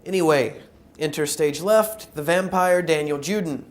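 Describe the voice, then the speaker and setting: A man reading stage directions aloud at a rehearsal in a dutiful, flat way. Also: on the high side, measured pace, lightly acted.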